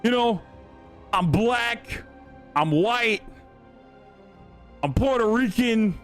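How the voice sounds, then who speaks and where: A crude, boastful old politician, as a man mocks him. The voice sits up high and swings in a brash, sing-song way, spitting out profanity. Faint music plays underneath. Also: expressive, drawn-out words, exaggerated voice. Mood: rambling. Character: mocking impression of a crude, boastful older male politician.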